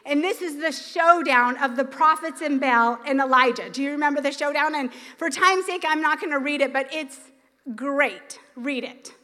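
A woman pastor preaching a sermon, retelling scripture in an animated way with acted quotes. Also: high-pitched, moderate pace, long reverb tail. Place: church sanctuary.

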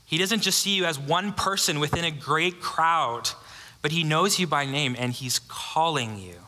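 A male pastor preaches with a bright, forceful tone, a little higher than most men. He tells the story earnestly and drops to a hush on key lines. His voice rings out in a hall with long reverb. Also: moderate pace. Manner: earnest storytelling with quiet, hushed emphasis. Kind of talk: sermon.

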